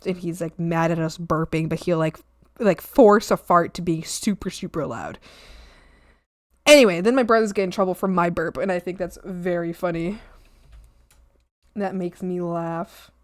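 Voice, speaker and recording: A young woman streaming from home, chatting casually with lots of ums, giggles and sudden excited squeals. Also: moderate pace, no echo, clean studio sound. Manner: bursts into high squeals and shouts when excited. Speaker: art streamer. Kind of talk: casual chat while reading chat. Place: home room. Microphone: desk mic at a streaming setup.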